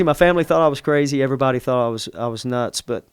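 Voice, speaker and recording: A man's voice: mid-range voice, very fast. A middle-aged pastor tells a personal story in conversation, earnest and emotional, often restarting his sentences. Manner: earnest, emotional, self-interrupting.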